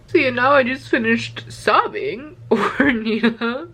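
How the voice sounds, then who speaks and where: A woman's voice: fairly high pitch, unhurried, husky. A woman in her twenties, chatting casually and gushing about a book on her vlog, full of "like" fillers. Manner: gushing, animated, lots of "like" fillers. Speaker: book vlogger. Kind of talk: casual chat.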